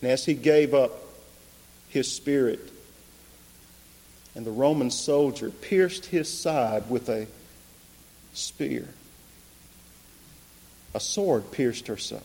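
A man preaching an impassioned sermon, building to loud emphatic peaks. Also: medium pitch, takes it slowly, long pauses. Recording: long reverb of a large hall.

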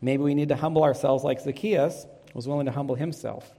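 A middle-aged man preaches from the front of a church sanctuary, speaking conversationally and posing rhetorical questions to his congregation. His voice sits at an ordinary middle pitch, and his pace slows and quickens as he makes his points. The sound carries a long, lingering hall reverb. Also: steady tone, mellow. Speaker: pastor. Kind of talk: sermon.

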